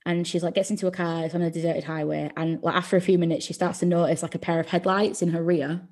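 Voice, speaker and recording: A woman's voice: fairly low pitch, little pitch movement, fast talker, darkish tone. A woman co-hosting a podcast, telling a story in casual, rambling chat, swearing freely and filling with "like". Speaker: podcast co-host.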